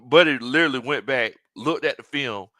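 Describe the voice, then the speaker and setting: A man hosting a sports talk show, joking in an animated, casual way and mimicking players. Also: medium pitch, a little fast, no room sound.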